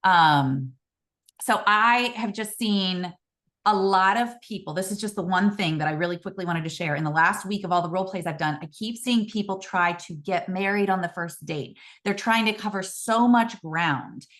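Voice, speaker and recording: Lively woman sales coach. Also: medium pitch, moderate pace. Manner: lively, acts out quoted phrases. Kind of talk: casual sales coaching chat.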